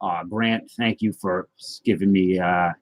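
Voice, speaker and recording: A man with a fairly low voice hosts a casual livestream, answering his viewers' comments as they come in. He rambles and jokes at his own expense. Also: steady tone, a little slow. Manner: rambling, self-deprecating, joking with chat. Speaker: livestream host of a trading card and guitar show.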